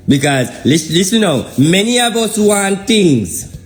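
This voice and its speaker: Jamaican guy doing casual street preaching, kinda high voice, keeps repeating himself for emphasis. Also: sing-song, slow. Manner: emphatic, repeats phrases in patois. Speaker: informal preacher.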